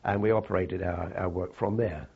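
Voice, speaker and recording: An older man recalling his wartime service in a halting, reflective way, with frequent fillers and restarts. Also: low voice, fairly even intonation, vocal fry, breathy edge, dull audio. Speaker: interviewee. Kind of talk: oral history recollection.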